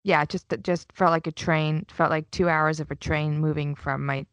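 Brief: low-pitched woman host, dry close sound, candid and relaxed. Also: normal speed, no room sound, muffled recording. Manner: frank, swears casually, empathetic. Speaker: podcast host. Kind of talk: casual chat.

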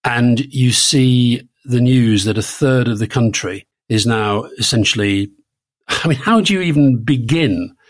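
An older man in his sixties co-hosts a political podcast in a relaxed, conversational way. He often stops and restarts his sentences and leans on fillers as he goes. His voice sits at an average pitch. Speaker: podcast co-host. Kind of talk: casual political chat.

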